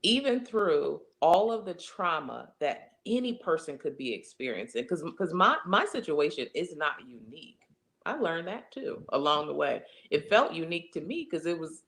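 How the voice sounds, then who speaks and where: Woman interview guest, slight fry in the voice, animated inspirational speaker. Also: sits low, normal speed. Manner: animated, acts out quoted voices, emphatic.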